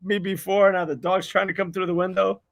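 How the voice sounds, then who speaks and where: A man's voice: high voice, little pitch movement, fairly quick, creaky, a bit bright, dry recording. A man hosting a casual video-call chat, easygoing, laughing along and chiming in briefly. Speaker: host.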